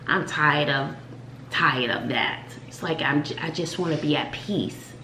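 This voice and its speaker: A middle-aged woman, a mother hosting a family vlog, talking calmly and reflectively. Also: low-pitched, measured pace. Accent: Texan. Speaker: mom and channel host. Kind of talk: casual family chat. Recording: echoey room with faint noise.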